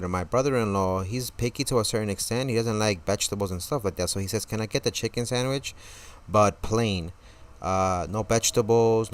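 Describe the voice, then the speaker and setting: A man telling a story casually on a live stream, swearing often and stammering through restarts, his voice jumping high and loud when he reenacts his outrage. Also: a little hiss or hum. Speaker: gaming streamer.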